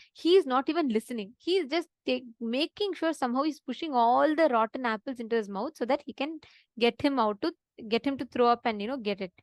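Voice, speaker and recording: A woman with a higher-pitched voice presents an online spiritual session with a chat, and the recording is dry. She tells a devotional story, checking in with listeners through words like "right?" and "understand?".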